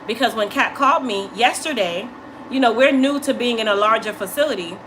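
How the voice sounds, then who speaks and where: A woman's voice: on the high side, a little fast, noisy background. A woman who owns a hair care business, telling viewers a story in an assertive, emphatic manner and often checking in with "okay?".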